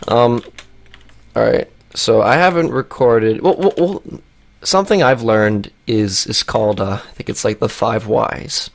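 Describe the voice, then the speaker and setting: A man YouTuber with a raspy, cracking voice, rambling through a casual vlog while he plays a game, with lots of fillers and restarts. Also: medium pitch, measured pace. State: raspy, voice cracking after a long break.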